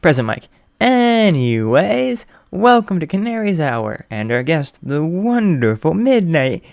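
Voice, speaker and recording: A brash, showy male radio host, loud and exclaiming, with a wry edge when teasing, as a male reader puts him on. The voice sits a little raised and carries over everything. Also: fairly high pitch, big pitch swings, measured pace, gravelly, dry recording, studio quality, pitched above the performer's own voice, exaggerated voice.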